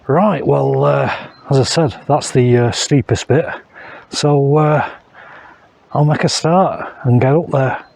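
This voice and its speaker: A man's voice: mid-range voice, vocal fry, slight background noise. Breathless English man hiking a moor. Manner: steady, unhurried, with frequent "uh" fillers. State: a bit out of breath. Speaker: hiking vlogger. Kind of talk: casual walking commentary to camera. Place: outdoors on open moorland. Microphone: handheld camera.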